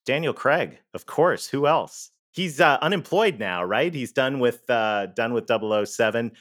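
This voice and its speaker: A man's voice: medium pitch, expressive, normal speed, fairly bright tone, no echo, studio quality. A Canadian man with a Canadian accent, a podcast guest talking about running businesses in an upbeat, emphatic way. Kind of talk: conversational interview.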